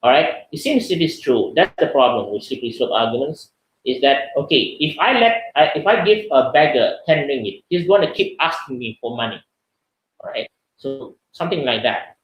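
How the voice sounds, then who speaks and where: A man with a Malaysian English accent giving a webinar lecture, lively and animated, acting out the voices of people he quotes. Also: moderate pace, slight background noise. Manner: lively, acts out quoted voices in high pitch. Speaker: seminar speaker. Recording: echoey room.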